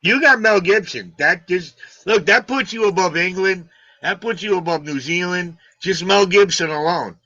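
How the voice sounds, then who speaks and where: An American man hosting a live stream, joking loudly and swearing in casual banter. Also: high voice, moderate pace, no echo, lo-fi sound. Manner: loud, joking, profane banter.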